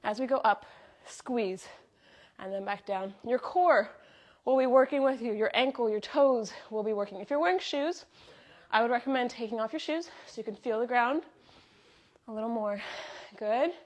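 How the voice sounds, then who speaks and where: A woman's voice: a little high, normal speed. A young adult woman leading a live workout class, upbeat, counting reps and giving body cues, a little out of breath. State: slightly out of breath. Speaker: fitness instructor.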